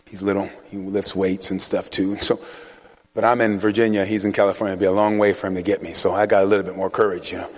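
A man's voice: low-pitched, flat delivery, fast talker. A man preaching a sermon in a conversational, storytelling way, chuckling often. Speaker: pastor.

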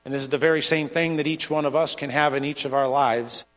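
A man's voice: fairly high pitch, steady tone, fairly bright tone. Male preacher in a reverberant hall. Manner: earnest, halting preaching with restarts. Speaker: pastor. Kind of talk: sermon with scripture reading.

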